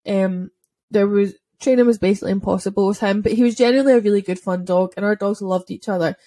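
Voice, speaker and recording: A woman's voice: mid-range voice, fast, mellow, no echo. A woman telling a dog-walking story in a casual podcast chat, chatty and full of "like" fillers. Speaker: dog owner and podcast speaker.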